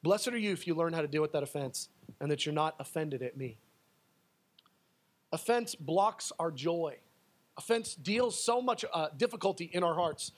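High-pitched guy preaching a sermon, gets loud then drops to a hush, acts out quotes. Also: moderate pace. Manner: animated preaching, swings between loud emphasis and hushed asides; acts out quoted speakers in a raised voice. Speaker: pastor.

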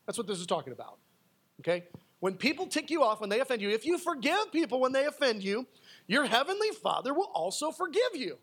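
High-voiced preacher man, animated. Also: fairly quick, breathy edge. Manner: animated preaching, swings between loud emphasis and hushed asides; acts out quoted speakers in a raised voice. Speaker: pastor. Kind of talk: sermon.

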